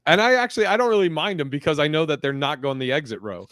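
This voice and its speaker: Brief: male podcast host, casual chat, profane and animated, dry close sound. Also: fairly high pitch, fast talker, no echo.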